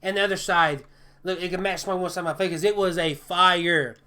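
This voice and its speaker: A man who works as a chef, telling stories in a casual podcast chat in an animated way, often repeating and restarting his words. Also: high-pitched, a little fast.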